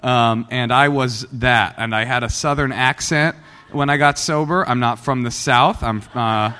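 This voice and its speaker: A man's voice: mid-range voice, measured pace, pushed and bright, clear, resonant tone. A man in his forties from Oakland, California, telling his recovery story to a meeting in a self-deprecating, joking way. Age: 40s. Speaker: guest speaker at a recovery meeting. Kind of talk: personal recovery talk to a live audience. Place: meeting hall. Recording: long hall reverb.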